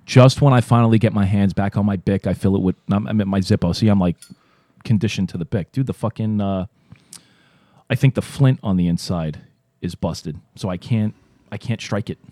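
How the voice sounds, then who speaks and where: Low, mellow-voiced man telling rambling stories. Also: a little fast. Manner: rambling, profane storytelling. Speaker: podcast co-host. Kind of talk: casual chat.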